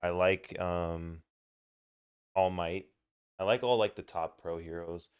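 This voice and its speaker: A man's voice: low voice, steady tone, takes it slowly, smooth. A young man co-hosting a podcast in casual chat, laid-back, swearing casually and laughing often. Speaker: podcast co-host.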